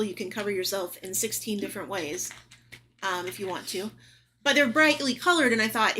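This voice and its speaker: A woman's voice: medium pitch, sharp tone, a little hiss or hum. A young woman chatting casually at home, sometimes cooing in baby talk to her cat. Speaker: vlogger. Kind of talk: casual home vlog chat.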